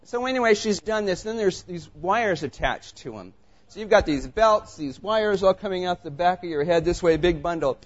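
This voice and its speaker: Male pastor, conversational sermon delivery, lively anecdotes, somewhat higher pitch, dull lo-fi sound. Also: normal speed. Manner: storytelling, animated and conversational. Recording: muffled lo-fi recording.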